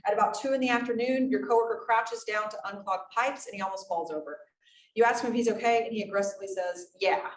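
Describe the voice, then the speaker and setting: Talking fast at medium pitch, a woman presents on workplace safety in a chatty style, asking the room questions. The mic sits at a distance in an echoey space, picking up faint noise.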